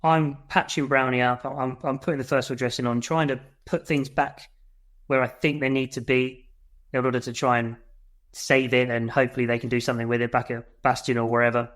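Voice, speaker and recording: A man's voice: mid-range voice, little pitch movement, brisk. A man, a military veteran, telling a war story as a podcast guest in a blunt way, with swearing. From United Kingdom. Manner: blunt and swearing, re-enacts his shouts.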